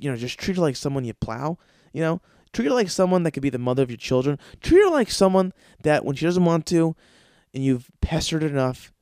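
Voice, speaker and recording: A man hosting a podcast, telling long rambling stories in a casual, profane way, often breaking into high-pitched voices to act out other people. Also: darkish tone, no room sound, clean studio sound. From lives in Los Angeles. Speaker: podcast host. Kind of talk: casual storytelling monologue.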